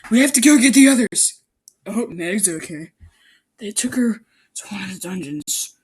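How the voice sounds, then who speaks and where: A woman's voice: medium pitch, expressive, normal speed, husky. A woman doing an impatient whispering teenage boy. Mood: urgent.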